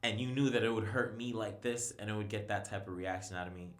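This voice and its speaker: A man's voice: fairly low pitch, fast talker, echoey room. A man talking as a guest on a casual podcast, earnest and emphatic about self-respect. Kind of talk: casual chat.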